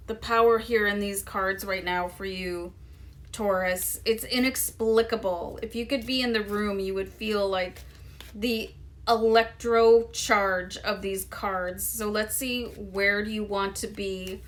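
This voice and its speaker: A woman's voice: medium pitch, fairly even intonation, slow. A woman giving a casual tarot card reading to her viewers in a loose, chatty way with many fillers. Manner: chatty, loose, lots of "you know" and "um". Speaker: tarot reader.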